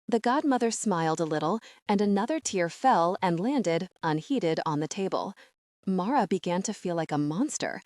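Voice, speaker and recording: Woman narrator, low voice, dry close sound, calm read. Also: normal speed, no room sound. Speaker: audiobook narrator. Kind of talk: scripted narration.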